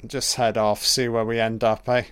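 A man giving a casual, profane running commentary on a film, reacting excitedly to each scene. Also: medium pitch, moderate pace, clean tone.

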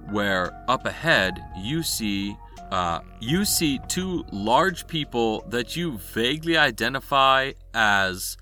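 A man's voice: lowish voice, pushed and bright. A man narrating as game master, describing scenes at length with uh and um. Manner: descriptive, with fillers like uh and um.

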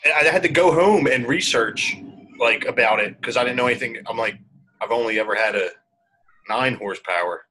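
A man's voice: medium pitch, brisk, pushed and bright, a little hiss or hum, poor audio. A man, chatting casually as a podcast co-host, telling stories in a laid-back, swearing way. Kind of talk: casual chat.

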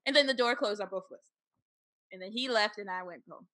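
A woman co-hosting a podcast, telling stories in casual chat, animated, swearing freely and laughing often. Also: medium pitch, fast. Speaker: podcast co-host.

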